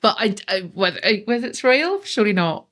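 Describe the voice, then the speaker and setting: A woman's voice: mid-range voice, very animated, fairly quick, a bit bright. Laughing woman interview guest. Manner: laughs often, rambling and self-deprecating. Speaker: guest, PR agency founder. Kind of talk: casual interview chat.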